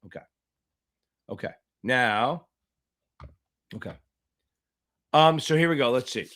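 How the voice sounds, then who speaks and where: A man tutoring for a finance exam, hosting a livestream Q&A, loud and profane, hyping viewers up and answering chat questions. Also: medium pitch, animated, slow pace. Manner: loud, profane, hyped-up coaching.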